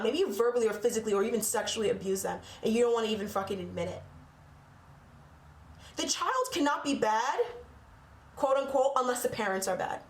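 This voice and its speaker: A woman's voice: a little high, echoey room. Blunt, profane woman tarot reader. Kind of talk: casual tarot reading.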